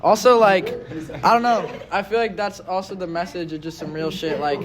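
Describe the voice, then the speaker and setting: A man's voice: high voice, steady tone, moderate pace, music in the background. A young man from New York City, a band member, talking casually and bluntly with lots of swearing. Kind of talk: casual interview chat. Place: busy pizza shop. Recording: crowd chatter behind.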